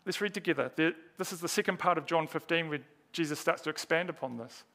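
A man's voice: on the high side, fast, bright, forceful tone. A man preaching a sermon, earnest and emphatic, asking rhetorical questions and repeating key words.

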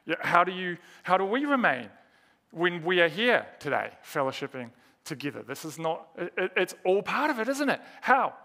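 A man's voice: sits high, sing-song, moderate pace, bright, forceful tone. A man preaching a sermon, earnest and emphatic, asking rhetorical questions and repeating key words.

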